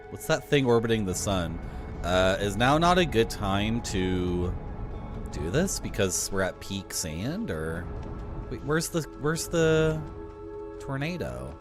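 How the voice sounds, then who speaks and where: A man giving live commentary while playing a video game, chatty and quick to laugh, with sudden excited outbursts. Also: lowish voice. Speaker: game streamer. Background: game music.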